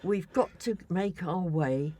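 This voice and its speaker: A woman's voice: lowish voice, slow pace, dark tone, a little hiss or hum. An older woman, a podcast guest, tells a travel story in a rambling, hesitant way, full of restarts and fillers. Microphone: studio mic.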